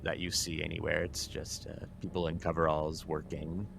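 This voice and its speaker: A man narrating as game master of a tabletop role-playing game, in a relaxed, halting way with fillers. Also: rumbling low, vocal fry, noisy background.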